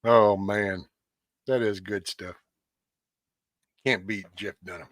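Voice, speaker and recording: A man's voice: on the low side, steady tone, slow pace, fairly bright tone, no room sound, clean studio sound. A man vlogger chatting casually and plainly to his viewers. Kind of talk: casual chat.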